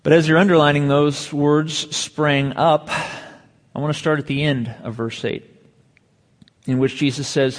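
A man preaching a sermon in a fairly high voice, leaning on slow emphatic phrases and rhetorical questions to the congregation. His words trail off into the long reverb of a church hall. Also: steady tone. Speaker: pastor.

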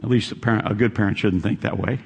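A man's voice: lowish voice, fairly even intonation, fast talker, breathy edge, in a large hall. A man preaching a sermon, quoting scripture and repeating key lines for emphasis.

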